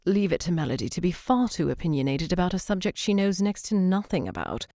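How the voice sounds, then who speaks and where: A woman voicing an earnest, opinionated young Englishman with a British accent, talking with passion and a slightly gruff edge. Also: on the low side, big pitch swings, fast, warm tone, dry recording, studio quality. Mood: grudging.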